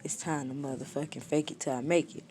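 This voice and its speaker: Woman, 20s, deep low voice, blunt, slangy, casual vlog storytelling. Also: steady tone, fast, mellow, a little hiss or hum. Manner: blunt, slangy and matter-of-fact, little emotion shown. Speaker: storyteller vlogger. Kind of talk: casual story time monologue.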